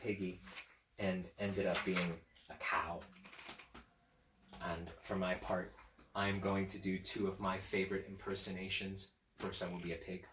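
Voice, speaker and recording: A man, a teacher, reading a picture book aloud to children and chatting gently with them about it. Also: low-pitched, flat delivery, unhurried, roomy sound, noisy background. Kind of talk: children's story read-aloud.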